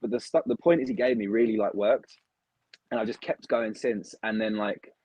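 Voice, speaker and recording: A young man from the UK, a wrestler talking casually and excitedly in an interview, with lots of "like" fillers. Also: lowish voice, moderate pace, breathy edge, no room sound, rough recording. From United Kingdom. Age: young adult. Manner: chatty, excitable, heavy use of "like". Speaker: wrestler, guest.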